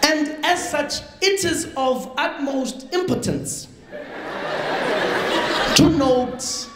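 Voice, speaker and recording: A man doing an impression of a pompous male president giving a slow formal speech with a South African accent. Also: extremely high pitch, animated, over a noisy crowd, voice pushed up, full character voice. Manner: slow, halting formal oratory. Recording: echoey room with clear noise.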